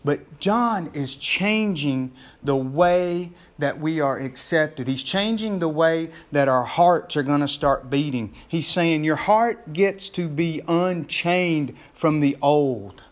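Man, pastor, sermon, conversational, excitable, fairly high-pitched. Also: slow pace, few pauses. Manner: conversational preaching, grows loud and excited when acting out scenes.

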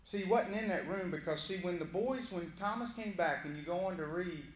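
A male pastor preaching a sermon in a lively, conversational way. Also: high-pitched, brisk, echoey room, a little hiss or hum. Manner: animated, conversational, acting out voices of Bible figures.

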